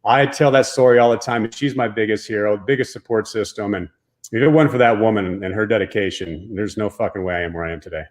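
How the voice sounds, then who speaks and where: A man's voice: on the low side, quick pace. A man from the Dallas-Fort Worth area of Texas, a former pro baseball player, telling a personal story as a guest in a casual, profane, emphatic way.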